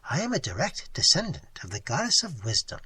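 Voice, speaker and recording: A reader voicing a bright, earnest young waitress. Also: male voice, on the high side, brisk, breathy edge, heavily acted. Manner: lively, matter-of-fact storytelling. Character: earnest young woman waitress telling a tale.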